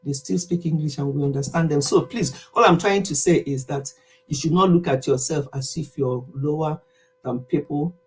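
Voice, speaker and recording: Husky Nigerian woman, chatty livestream host. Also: low-pitched, moderate pace, poor audio. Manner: chatty, teasing, laughs often while reading out viewers. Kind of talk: casual livestream chat.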